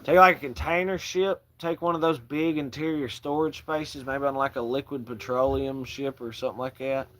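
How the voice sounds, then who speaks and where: Man, livestream host, casual, profane, joking, calls out viewer names, middle-pitched voice. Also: fairly even intonation, normal speed, few pauses. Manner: loose, profane, joking, shouting out viewers by name. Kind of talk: casual livestream chat, reading out viewer comments.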